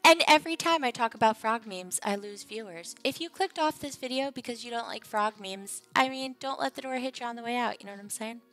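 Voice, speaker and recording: Bright, playful young woman streamer. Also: fairly high pitch, a little fast, hardly any pauses, soft background music. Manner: playful, jokey, chatty. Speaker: livestream host. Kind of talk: casual game livestream chat.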